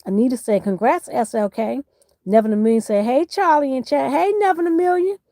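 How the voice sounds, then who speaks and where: A woman hosting a casual livestream, reading viewer comments aloud and greeting people by name with bursts of excitement. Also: high-pitched, fairly quick, no echo. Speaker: livestream host.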